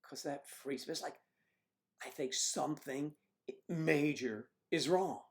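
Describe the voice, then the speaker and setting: An older man hosting a livestream, chatting casually through rambling anecdotes with frequent restarts and throat clearing. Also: on the high side, slow. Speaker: livestream host. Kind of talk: casual chat reading viewer comments. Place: home livestream setup.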